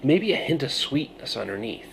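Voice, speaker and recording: A man reviewing a beer on his video channel, musing through his tasting notes with pauses and thoughtful hums. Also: mid-range voice, very animated, gravelly, a little hiss or hum. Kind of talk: casual beer review vlog.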